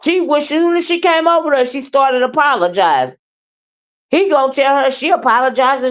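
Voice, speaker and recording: A woman with a somewhat high voice and a drawl, commenting on a livestream. She talks bluntly and profanely, animated and trash-talking, while chatting with her viewers. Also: normal speed. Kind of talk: live commentary and chat with viewers.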